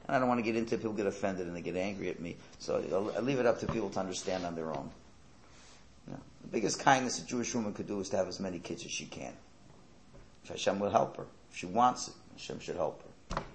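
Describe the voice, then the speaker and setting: A man's voice: low voice, lively intonation, fast talker, roomy sound, slight background noise. A man giving a religious lecture, emphatic and full of rhetorical questions and sarcastic asides. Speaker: Torah teacher.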